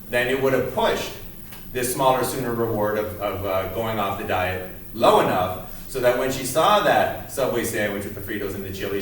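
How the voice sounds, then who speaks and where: Man lecturing in an echoey classroom. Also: medium pitch. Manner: casual, many fillers, recounts scenes with quoted lines. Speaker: university psychology lecturer. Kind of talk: recorded college lecture. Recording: roomy echo, voice from a distance, faint noise.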